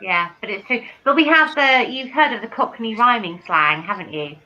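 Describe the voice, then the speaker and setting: A woman's voice: on the high side, lively intonation, normal speed, bright, forceful tone. A woman from London with a London accent, chatting casually and explaining slang with examples. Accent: London English. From England. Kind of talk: casual chat. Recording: dull lo-fi sound.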